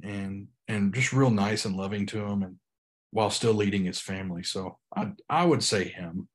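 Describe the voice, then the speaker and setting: A young man, a pastor, speaks earnestly as a guest in a casual podcast interview, his lowish voice halting with many restarts.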